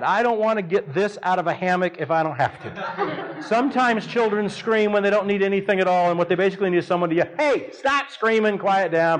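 A middle-aged man preaching, telling a story in an animated, humorous way with big swings in his voice. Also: a little high, poor audio. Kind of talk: sermon storytelling.

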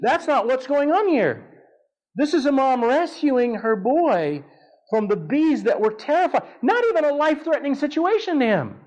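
A middle-aged man preaching, telling a story in an animated, humorous way with big swings in his voice. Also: very high-pitched, normal speed, muffled recording. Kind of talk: sermon storytelling.

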